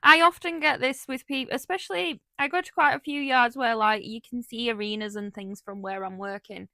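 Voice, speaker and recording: High bright woman, chatty and encouraging, cheeky jokes. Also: steady tone, brisk, creaky, dry recording. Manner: supportive, agreeing, cheeky humour. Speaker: podcast co-host. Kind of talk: casual chat.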